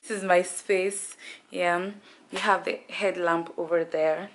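A woman's voice: fairly low pitch, flat delivery, slow. A young woman from Nigeria chatting playfully to her handheld camera as she shows off her hotel room and tour day. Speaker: travel vlogger. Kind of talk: casual vlog narration.

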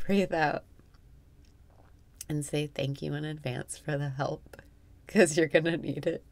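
Woman, meditation guide; low, creaky, unhurried delivery, soft and half-whispered, self-mocking. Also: dry recording. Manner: slow, soft-spoken, often dropping to a whisper, with wry self-mocking laughs.

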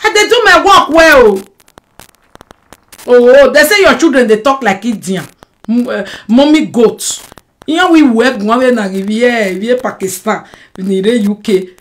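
A woman with a Nigerian Pidgin accent delivering an animated personal monologue to the camera. She is emphatic and keeps throwing in rhetorical "eh?" asides, swinging from loud outbursts to low muttering. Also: moderate pace, low-quality recording. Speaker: vlogger addressing a rival.

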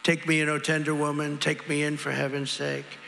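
A man's voice: fairly high pitch, monotone, normal speed, gravelly, pushed and bright, slight background noise. An older man reciting a sly vicious snake. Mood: pleading. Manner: sing-song recited verse, sneering. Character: sly vicious male snake, cold and mocking. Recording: big reverberant hall, cheering crowd.

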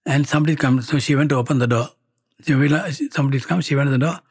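A man with a Malaysian English accent telling a personal story to a gathering, halting and repeating words as he acts out the dialogue. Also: medium pitch, a little mellow, breathy edge. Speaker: speaker at a devotional gathering.

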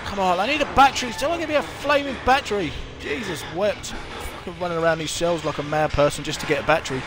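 A man's voice: sits high, fast, noisy background. A man commentating a horror game, swearing a lot, jumpy, and talking back to the characters on screen. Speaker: gamer.

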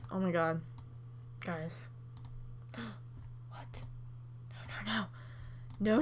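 A young woman hosting a Let's Play, reacting with excited laughs and swearing as she plays. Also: medium pitch, a little slow, long pauses, a little hiss or hum. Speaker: gaming channel host.

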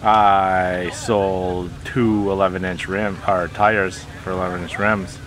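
A man's voice: low voice, level tone, takes it slowly, crowd noise. A man hosting a casual vlog at an outdoor swap meet, joking and teasing his friend. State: early-morning rough voice. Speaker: vlog host. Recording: outdoor noise behind.

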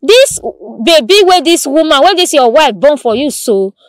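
A woman news presenter speaking with a Nigerian Pidgin accent, telling the day's stories in a lively, repetitive storytelling way with exclamations. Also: high-pitched, moderate pace, no echo, studio quality. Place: studio.

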